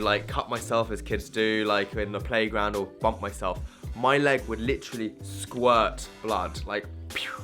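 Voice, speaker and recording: A man's voice: fairly low pitch, pushed and bright. A young man talking candidly to camera in a casual vlog, rambling with many restarts and fillers. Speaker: vlogger.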